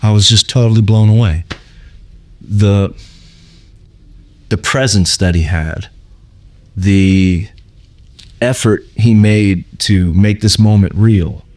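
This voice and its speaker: A man's voice: on the low side, slow pace, pauses often, a little mellow. A man hosting his show, telling a personal story in a loose, rambling way full of fillers. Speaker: host. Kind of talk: casual storytelling.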